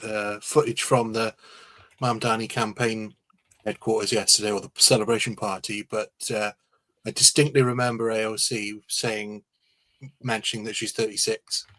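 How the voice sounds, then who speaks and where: Wry low-voiced male co-host. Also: little pitch movement, normal speed, pushed and bright, no room sound. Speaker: podcast co-host. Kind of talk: casual chat.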